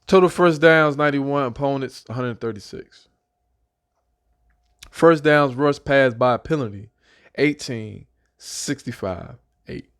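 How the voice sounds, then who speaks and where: This young man talks football as an excited fan in a casual prediction vlog. He repeats his points and runs through stats in a loose, chatty way. His voice sits at an everyday middle pitch for a man. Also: slow, long pauses, clear, resonant tone.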